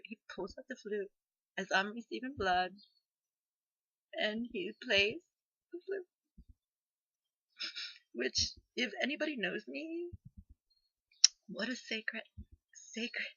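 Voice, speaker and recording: A woman's voice: medium pitch, sharp tone, slightly rough, dry recording, lo-fi sound. A woman telling a personal story, rambling with fillers, swinging between laughter and tears. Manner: emotional, laughing and tearful in turns.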